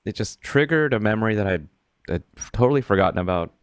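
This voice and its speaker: A man co-hosting a podcast, telling stories in an animated, exasperated way, with frequent restarts and laughs. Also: lowish voice, fast, clean tone, no echo, studio quality. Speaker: podcast co-host. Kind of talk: casual book discussion.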